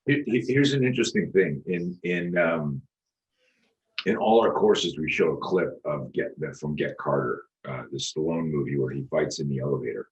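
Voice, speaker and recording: A man's voice: very deep voice, moderate pace, dull audio. A man who teaches self-defense, telling stories on a podcast with intense, repetitive emphasis. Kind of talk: casual podcast storytelling.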